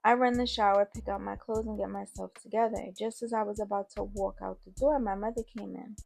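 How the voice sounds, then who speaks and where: Creaky-voiced woman narrating a story. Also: medium pitch, steady tone, brisk, darkish tone. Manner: casual, conversational. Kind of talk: first-person story narration.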